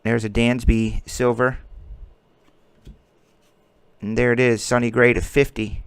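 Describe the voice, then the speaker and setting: A man with a smooth, clear voice runs casual commentary as he opens packs of cards, calling out names and cracking jokes as he goes. The sound is close and dry, with almost no room around it. His pitch sits right in the middle for a man. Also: flat delivery, unhurried, no room sound. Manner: chatty and joking, calls out player names as cards come up. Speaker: host of a card-breaking stream. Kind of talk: casual running commentary while opening card packs.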